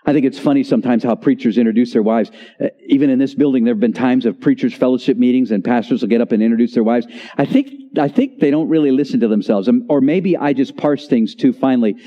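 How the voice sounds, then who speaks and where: A man in his sixties preaching a sermon in a church, with dramatic pauses and voice dropping low on key words. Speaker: pastor. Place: church sanctuary. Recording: reverberant church hall, slightly dull.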